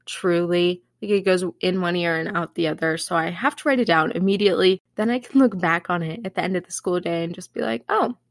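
Bubbly young woman, nasal, gravelly edge. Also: on the low side, fairly quick, few pauses, no room sound, clean studio sound. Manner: bubbly, chatty, full of "like". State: nasal from allergies. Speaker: podcast host. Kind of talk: casual solo podcast chat.

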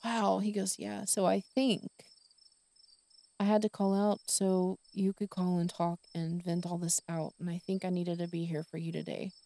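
Gravelly-voiced woman rambling candidly. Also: lowish voice, little pitch movement, moderate pace, warm tone. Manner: rambling, candid, with many fillers and quoted dialogue. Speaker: podcast host. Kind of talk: casual personal monologue.

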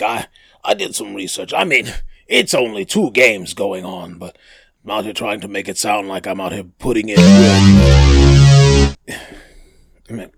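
A man with a somewhat low voice hosts a casual podcast, drawling along at an unhurried pace. He rambles and jokes, catching and correcting himself as he goes. The sound is close and dry. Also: no room sound. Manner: rambling and joking, with many fillers and self-corrections. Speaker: podcast host.

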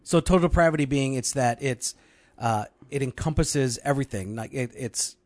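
A man's voice: mid-range voice, normal speed, darkish tone, dry recording. A man co-hosting a casual theology podcast, playful and joking, easily sidetracked. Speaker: podcast co-host.

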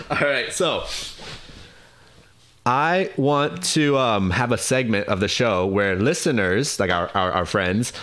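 A young man chatting casually on a podcast he co-hosts. He cracks puns and laughs easily, with a lively, up-and-down voice. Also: mid-range voice, slow pace. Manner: playful, punning, laughs often. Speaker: podcast co-host. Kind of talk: casual chat.

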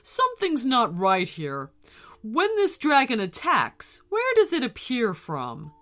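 A woman voicing a thoughtful, practical father in a storybook reading, with a slightly lowered, measured voice. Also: wildly swooping pitch, fairly bright tone, full character voice.

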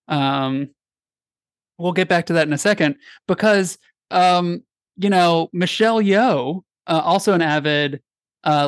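A man's voice: a little high, no echo, clean studio sound. A man hosting a casual sports podcast, rambling and self-deprecating with lots of restarts. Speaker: podcast host.

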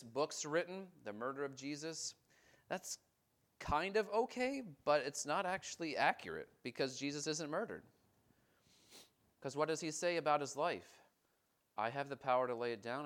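A man preaching a sermon as pastor, reading scripture aloud and stopping to comment, moving between emphatic, rising questions and quiet, low statements. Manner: reads scripture aloud and breaks off to comment, swinging from emphatic to hushed.

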